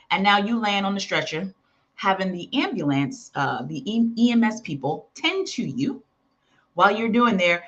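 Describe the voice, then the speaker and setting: A woman's voice: medium pitch, expressive, moderate pace, a bit bright, muffled recording. A woman teaching in a sermon style, telling a story and acting out the voices of its characters. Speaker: preacher.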